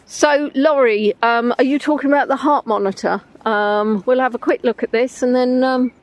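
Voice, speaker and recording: This high-pitched woman talks at a moderate pace, and there's no room sound. She has an English accent and is chatting casually on a live stream during an outdoor riverside walk, filling her rambling replies to viewers with "um"s.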